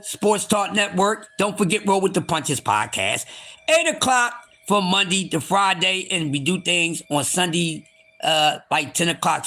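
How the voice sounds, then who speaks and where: High, bright-voiced ranting stream host. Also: male voice. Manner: animated, swings from calm to shouting; blunt and profane. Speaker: livestream host. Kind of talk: live stream rant.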